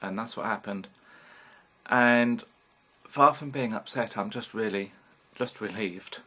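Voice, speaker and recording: A British man in his fifties rambles candidly through a personal vlog, swearing casually along the way. His voice sits fairly low and moves a little slowly, with a pushed, bright, husky quality.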